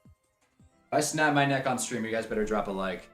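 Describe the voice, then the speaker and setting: A young man live-streaming commentary on a football awards show, swearing and laughing as he swings from loud outbursts to low mumbles. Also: moderate pace, over music. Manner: profane, laughs often.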